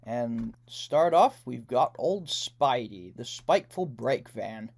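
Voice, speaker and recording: A man's voice: medium pitch, lively intonation, takes it slowly. A young man hosting a casual commentary video, chatting loosely with frequent laughs, fillers and self-corrections as he ranks characters. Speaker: YouTube host ranking characters.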